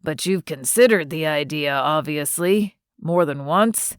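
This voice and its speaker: Audiobook: woman reads kindly grieving old man of about eighty, slow, lowered voice, dry booth. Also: clean tone, no room sound. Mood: wistful. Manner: slow, wistful, fond teasing.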